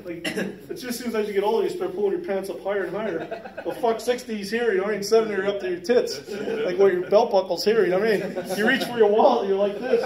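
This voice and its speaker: A man in his fifties telling a rambling, profane work story in casual chat, laughing as he goes. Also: high voice. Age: 50s. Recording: roomy sound from a distant mic.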